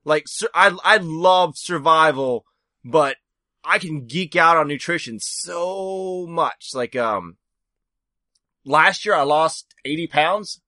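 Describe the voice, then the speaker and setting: A man hosting a podcast interview, talking in a halting way with many fillers and restarts. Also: a little high, bright, forceful tone, no echo, studio quality. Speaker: podcast host. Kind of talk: casual interview.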